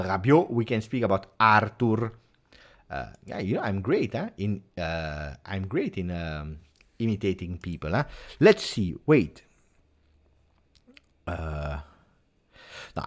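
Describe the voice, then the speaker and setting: Reading viewer comments aloud on his casual fan-channel livestream, this Italian host speaks with an Italian accent. His fairly low voice is animated and keeps a measured pace.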